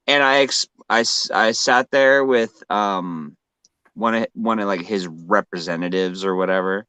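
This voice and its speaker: A man's voice: lowish voice, a little slow, bright, forceful tone, clean tone, no echo, muffled recording. A man in casual conversation, talking in a rambling, laid-back way, full of fillers and restarts. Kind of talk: casual chat.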